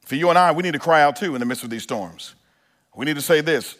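Pastor guy preaching, fairly high voice, earnest, keeps pushing up to big emphatic bits. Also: animated, fast talker, a bit bright. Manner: earnest preaching with rising emphasis and frequent restarts. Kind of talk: sermon.

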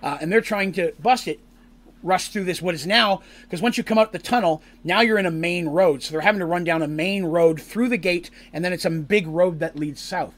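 High-voiced man recapping a tabletop game. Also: fairly quick. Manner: lively, acts out characters' lines in shouts and squeals. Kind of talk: animated storytelling recap.

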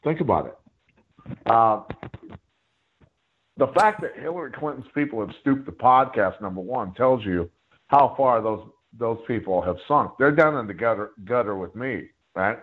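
A man guest telling a rambling story in a profane, animated way during a casual chat. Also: mid-range voice, a little slow, husky. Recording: phone-like line.

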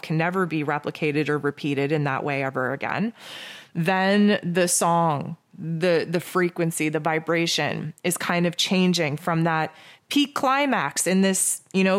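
Lower-voiced sarcastic woman astrologer. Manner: sarcastic, self-mocking; repetitive, builds lists of near-synonyms. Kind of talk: astrology forecast monologue.

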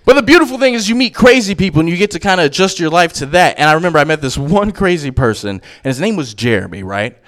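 A man's voice: on the high side, sing-song, fast, few pauses, a bit bright. A young man doing a stand-up comedy set on a club stage, telling brash, profane stories into a handheld mic.

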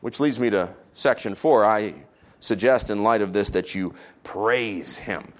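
A man preaching a sermon, animated and playful, swinging between loud exclamations and quiet asides. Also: lowish voice, a little slow. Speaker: pastor.

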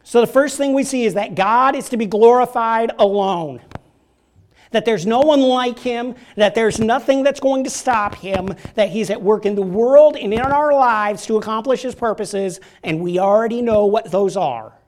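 A man's voice: high-pitched, moderate pace. A man preaching a sermon in a church, chatty and joking, often asking the congregation "right?". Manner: joking, conversational, asks the crowd "right?". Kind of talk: casual sermon.

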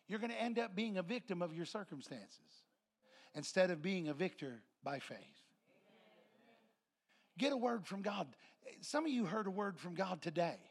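A man's voice: high voice, lively intonation, normal speed, pauses often. A man preaching a sermon to his congregation, telling a story and acting out voices and laughter. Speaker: pastor. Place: church sanctuary with congregation.

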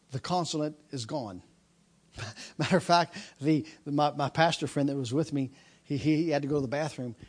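A man preaching a sermon, telling a personal story and then building into a loud, repetitive preaching cadence. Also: on the high side.

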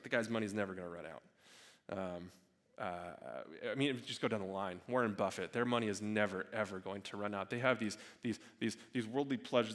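A young man preaching a sermon as a pastor, earnest, repeating words and dropping to a hush on key phrases. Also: fairly low pitch, big-room sound. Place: church sanctuary.

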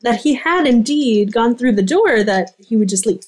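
Kind, soft-hearted female soul guide, earnest; woman voices her. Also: fairly high pitch, animated, moderate pace. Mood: pleading. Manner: earnest and pleading.

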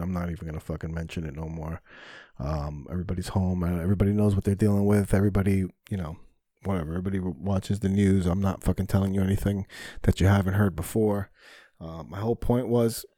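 A man's voice: sits low, fairly even intonation, fast, warm tone, no echo, studio quality. A man hosting a solo podcast, talking candidly and rambling, often swearing when frustrated. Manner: candid, self-reflective. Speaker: podcast host.

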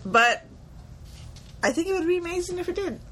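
A young woman co-hosting a casual chat, blunt and quick to laugh, swearing freely. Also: very high voice, lively intonation, a bit bright, a little hiss or hum. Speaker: podcast co-host.

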